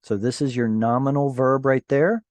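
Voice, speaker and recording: A man's voice: mid-range voice, steady tone, moderate pace, a little mellow, no room sound. A man teaching a language class online over a video call, patiently explaining word by word and correcting himself as he goes. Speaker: Hebrew teacher.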